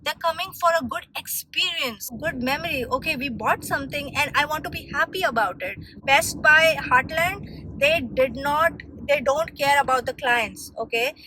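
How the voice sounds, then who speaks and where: A woman's voice: high voice, normal speed, hardly any pauses, noisy background. A young woman vlogging on the way home, complaining in an indignant, emphatic way. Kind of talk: casual vlog rant.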